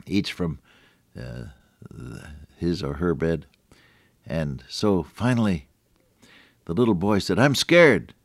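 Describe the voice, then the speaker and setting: An older man preaches a gentle radio devotional in a very low voice that swoops up and down with feeling. He talks folksy and conversational, stumbling over his words and then reading Scripture slowly. The sound is dry and close, with no room around him. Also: no room sound. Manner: folksy, conversational, with frequent restarts and Scripture quoting.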